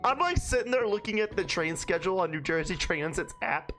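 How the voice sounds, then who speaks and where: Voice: medium pitch, brisk, fairly bright tone, faint music behind. A young adult streamer from Brooklyn, New York, telling rambling, profane stories to chat in a casual way. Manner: profane, rambling anecdotes with frequent restarts.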